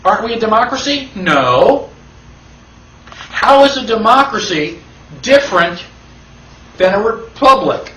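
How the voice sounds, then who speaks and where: A man's voice: high voice, sing-song, unhurried, long pauses, fairly bright tone. A man teaching a constitution class. He lectures emphatically and fires rhetorical questions at the class. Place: classroom with an audience. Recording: echoey room, mic at a distance.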